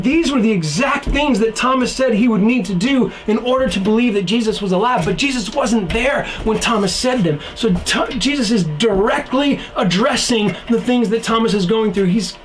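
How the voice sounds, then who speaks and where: A young man with a high voice gives an online youth sermon, earnest and casual, dropping slang and acting out the people in the story. Faint noise sits under the recording. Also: low-quality recording. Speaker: youth pastor.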